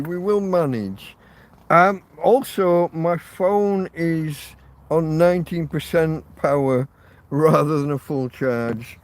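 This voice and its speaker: A man hosting a rambling live stream from his phone, sweary and self-deprecating as he rants. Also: a little high. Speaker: livestream host. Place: in or by a tent outdoors.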